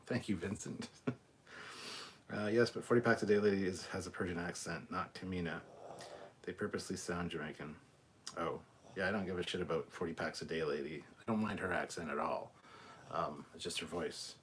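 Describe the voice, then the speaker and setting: A very deep-voiced man chats casually on a live stream, reading viewer comments and ranting bluntly with frequent swearing. A faint low rumble sits under his voice. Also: fairly quick, fairly bright tone. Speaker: host reading live chat.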